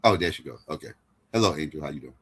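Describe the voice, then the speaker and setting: A man's voice: extremely low pitch, expressive, very fast, a bit bright, slightly rough. A man hosting and moderating a debate show, giving a casual, rambling recap full of swearing and restarts. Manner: profane, rambling, many restarts, keeps asking "right?". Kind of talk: casual post-debate commentary.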